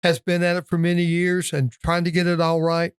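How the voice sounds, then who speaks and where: A man hosting a podcast who chimes in with frequent affirmations and then gives slow, thoughtful reflections. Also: on the high side, completely flat delivery, clean tone, no echo, clean studio sound. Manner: affirming, frequent "yes" and "mm-hmm", reflective asides. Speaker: podcast host. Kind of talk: casual interview chat.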